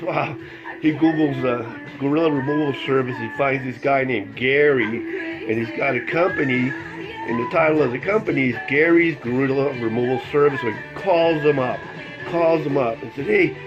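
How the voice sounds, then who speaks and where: A man's voice: mid-range voice, moderate pace. Guy rambling thru a joke, does little voices, muffled recording w music behind. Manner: rambling, acts out voices, laughs at own jokes. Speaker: joke-telling host. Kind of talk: casual joke telling.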